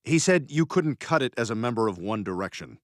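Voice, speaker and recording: Stammering, wheedling freeloader, mid-pitched and animated. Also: male voice, a little fast, no echo, studio quality. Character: scheming, self-pitying freeloading pal.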